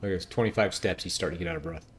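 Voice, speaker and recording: A male streamer with a low voice chats and jokes through gameplay in a relaxed, playful way. Faint ambient noise sits behind him. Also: very fast. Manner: chatty, playful, joking. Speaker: game streamer. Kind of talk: casual gameplay commentary.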